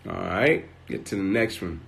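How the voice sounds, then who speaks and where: A man's voice: sits low, moderate pace, vocal fry, fairly bright tone. A man, a motivational speaker, telling a personal story on a live stream from his phone, tagging almost every sentence with "right?" and building in intensity as he goes.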